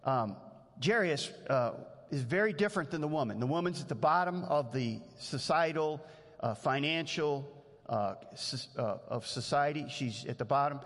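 A man's voice: on the high side, expressive, moderate pace, fairly bright tone. A man preaching a sermon as pastor, earnest and conversational, with frequent restarts. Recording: long hall reverb.

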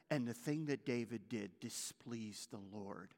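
A man preaching a sermon as pastor, moving between loud urgent stretches and hushed, almost whispered lines. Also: medium pitch, unhurried, hardly any pauses, long reverb tail.

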